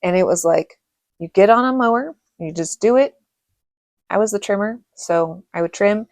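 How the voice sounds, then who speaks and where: A middle-aged woman from Reno telling rambling stories about her childhood, laughing often and filling pauses. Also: medium pitch, darkish tone, no echo. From Reno, Nevada. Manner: rambling, chatty, laughs often, many fillers. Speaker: vlogger. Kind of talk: casual storytelling monologue.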